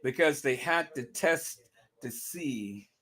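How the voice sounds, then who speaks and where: A man's voice: mid-range voice, lively intonation, takes it slowly, a bit bright, husky. A man giving casual livestream commentary, emphatic and repetitive, asking rhetorical questions.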